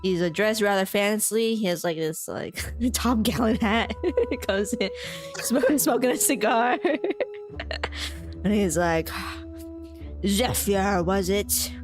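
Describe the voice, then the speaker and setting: A woman's voice: mid-range voice, expressive, a little slow, music in the background. A woman narrating a tabletop role-playing game as game master, often breaking into giggles and using lots of fillers.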